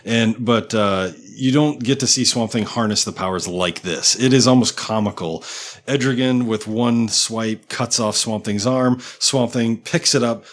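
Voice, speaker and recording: A man's voice: medium pitch, a little slow. A man guesting on a comic book podcast, explaining comic history with enthusiasm and frequent laughs. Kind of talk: casual comic book chat.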